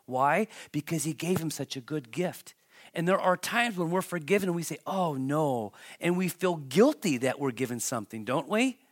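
Man, pastor, sermon, conversational then emphatic, slightly high voice. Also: normal speed. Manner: conversational preaching, rising to emphatic, animated asides.

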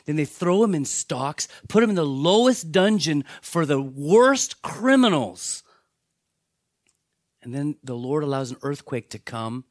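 A man preaching a sermon, telling Bible stories in a lively way and acting out the characters' lines. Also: on the high side, unhurried, no room sound, clean studio sound. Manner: animated storytelling, acts out voices of biblical characters. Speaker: pastor.

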